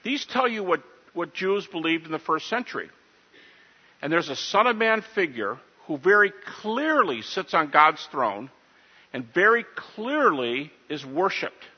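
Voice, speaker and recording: A man lectures to a live audience in an emphatic, animated way and throws questions at them. His voice is husky, a little high and swings widely in pitch. The recording is muffled, with a long hall echo. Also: a little slow. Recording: dull audio in a reverberant hall.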